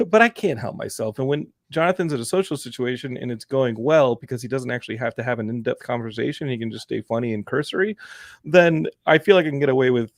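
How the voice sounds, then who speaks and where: A man hosting a podcast, telling stories in a casual, animated way and laughing often. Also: medium pitch, fast talker, no room sound, clean studio sound. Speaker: podcast host. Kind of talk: casual chat.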